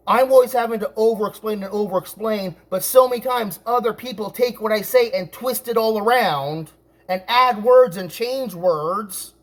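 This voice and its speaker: A man telling a story in an angry rant, stammering and repeating himself, now and then bursting into shouts. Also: high voice. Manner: many restarts and stammered repeats. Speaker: vlogger.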